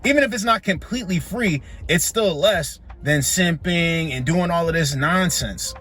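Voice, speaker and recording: A man's voice: on the high side, moderate pace, a bit bright, soft background music. A man giving blunt, preachy reaction commentary who repeats his points for emphasis.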